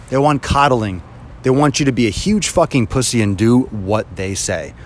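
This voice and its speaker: A man's voice: medium pitch, animated, normal speed. A man in a heated, profane rant about his videos, recorded outdoors with faint traffic noise behind. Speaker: social media creator. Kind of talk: angry ranting vlog.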